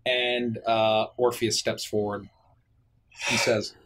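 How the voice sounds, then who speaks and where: A man serving as game master narrates a tabletop game, describing scenes in a relaxed way. His mid-range voice moves at a measured pace, with a little hiss or hum in the recording.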